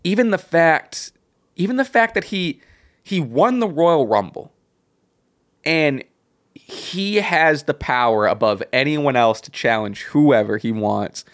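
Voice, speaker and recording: A man's voice: on the high side, expressive, a bit bright, dry recording, clean studio sound. A man co-hosting a podcast who chats casually about wrestling, rambling and restarting his sentences as he goes. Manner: rambling, halting, with many restarts and laughs. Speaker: podcast co-host.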